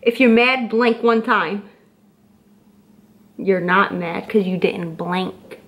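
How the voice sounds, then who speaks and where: Speaking slowly in a medium-pitched, slightly bright voice, a young woman teases her boyfriend for a casual prank vlog. She's playful and keeps asking him the same things repeatedly.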